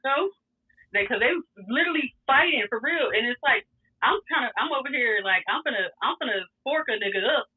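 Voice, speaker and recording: A woman telling a wild story in a casual, animated, profane way, laughing often. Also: high voice, a little fast, breathy edge. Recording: tinny phone-like sound.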